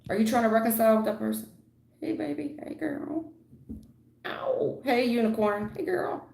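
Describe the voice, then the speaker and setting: A woman's voice: on the high side, normal speed, gravelly, darkish tone. A woman giving blunt live tarot readings to viewers, calling them honey and sweetheart, lecturing and keeping it real. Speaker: tarot reader. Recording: echoey room.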